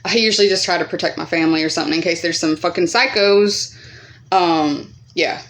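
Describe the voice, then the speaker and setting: A woman talks straight to her audience in a casual storytime vlog. She rambles and circles back, leans on fillers, and swears freely. When she quotes other people she bumps her voice up higher and louder. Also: a little fast. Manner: rambling, profane, many fillers. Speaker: vlogger.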